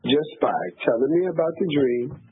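A man working as a psychic reader on a phone line, calm and measured, asking questions and giving readings. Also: a little high, breathy edge, dry recording. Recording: dry tinny phone line.

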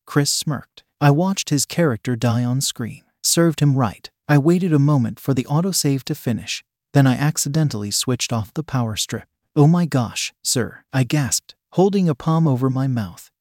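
A man narrating a first-person story in a steady, even read. His voice sits at a middle pitch. The sound is close and dry, with no room around it. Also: moderate pace, few pauses, dry recording.

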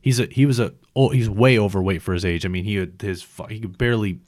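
Man, low voice, rambling profane chatter, dry recording. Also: quick pace, darkish tone, no room sound. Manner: rambling, profane, many fillers. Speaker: conversation partner. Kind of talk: casual chat.

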